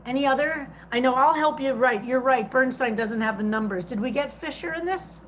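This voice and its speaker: High-voiced woman rabbi teaching on a call. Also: a little hiss or hum. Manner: reads translations slowly, stressing each phrase. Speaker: rabbi leading a text study. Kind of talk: teaching a class by video call. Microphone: video call.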